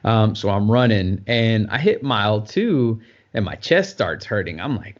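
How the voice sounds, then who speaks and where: A man's voice: on the low side, lively intonation, measured pace. A man co-hosting a casual podcast, telling a long personal story in a loose, conversational way with plenty of fillers. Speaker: podcast co-host. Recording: dull lo-fi sound.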